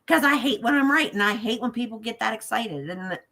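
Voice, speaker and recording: Woman, storyteller type, acts out all the voices, jokes about herself, high-ish voice. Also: a little fast, creaky. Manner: lively storyteller who acts out every voice in the story. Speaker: psychic ghost tour guide. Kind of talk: animated anecdote on a talk show.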